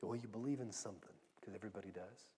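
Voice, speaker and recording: A man's voice: on the low side, quick pace, mellow, in a large hall, a little hiss or hum. A man preaching a conversational sermon, earnest and direct, often restarting and repeating his words. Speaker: pastor teaching a Bible passage.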